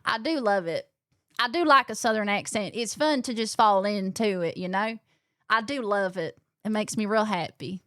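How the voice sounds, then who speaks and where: A young woman talks casually to her stream chat, hopping from one aside to the next. Her voice sits at an average pitch. It is recorded dry and close at home on a desk mic. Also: a bit bright, no echo. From Australia. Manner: chatty, quick asides to chat. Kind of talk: casual chat while gaming.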